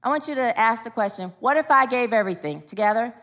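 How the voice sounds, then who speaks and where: Female preacher, emphatic call-and-response sermon, bright tone. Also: on the high side, lively intonation, fast. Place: church.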